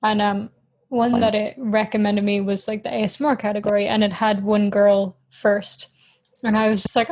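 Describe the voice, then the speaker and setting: A woman's voice: medium pitch, flat delivery, normal speed, a little mellow. A woman co-hosting a podcast in casual chat, giggly and rambling. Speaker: podcast co-host.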